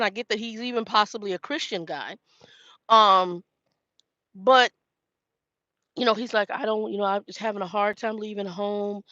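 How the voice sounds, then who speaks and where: A woman's voice: medium pitch, fairly bright tone, no room sound, lo-fi sound. A woman, a truck driving trainer chatting casually to viewers and telling a story by quoting herself. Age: 50s.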